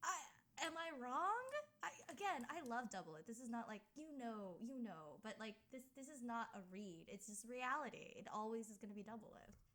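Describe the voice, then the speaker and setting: A young woman co-hosting a podcast in casual chat, talking in quick tangents full of fillers. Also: fairly high pitch, expressive, a bit bright. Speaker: podcast co-host.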